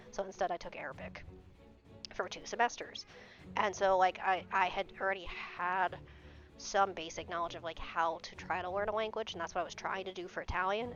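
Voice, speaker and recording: A woman's voice: fairly low pitch, a bit bright. A young woman streamer telling a story in casual chat, exasperated and swearing often. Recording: dull lo-fi stream audio. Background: faint background music.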